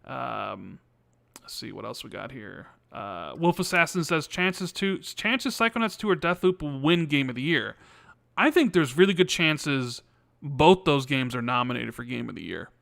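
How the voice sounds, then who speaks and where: A man's voice: mid-range voice, very animated, normal speed, creaky, a bit bright, no room sound, clean studio sound. A man co-hosting a casual gaming podcast, rambling with lots of fillers as he reads out viewer questions. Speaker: podcast co-host.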